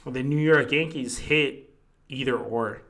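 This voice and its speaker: A man's voice: mid-range voice, takes it slowly, creaky. Foul-mouthed rambling man telling a story. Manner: swears constantly, rambling and animated. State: tipsy. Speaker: podcast host. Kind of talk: casual storytelling chat.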